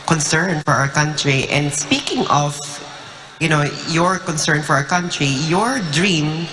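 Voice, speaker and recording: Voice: medium pitch, a little slow. An interviewer with a Filipino accent, asking courteous questions and mixing Tagalog and English. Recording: clear background noise.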